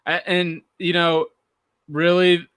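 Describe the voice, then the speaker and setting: Podcast co-host, male, bright and animated, casual swearing, dry studio sound. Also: high voice, slow, smooth, dry recording. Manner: animated, swears freely, bursts of laughter. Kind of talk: casual chat.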